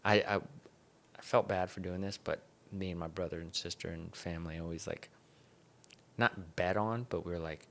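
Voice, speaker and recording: Deep-voiced laid-back young man. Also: steady tone, moderate pace, fairly bright tone. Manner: laid-back, rambling, swears and laughs often. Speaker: podcast host. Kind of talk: casual chat.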